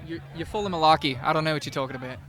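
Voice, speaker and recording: A man's voice: a little high, very fast, a bit bright. Bumbling, hesitant man. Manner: hesitant, bumbling, lots of fillers. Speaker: clueless trainee in a comedy bit.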